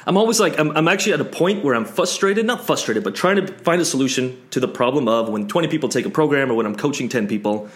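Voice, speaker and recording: Quick-talking host guy, rambly questions, thinks out loud, mid voice. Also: mid-range voice, lively intonation. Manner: long winding questions, thinks aloud. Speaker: podcast host, business coach. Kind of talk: casual conversational interview.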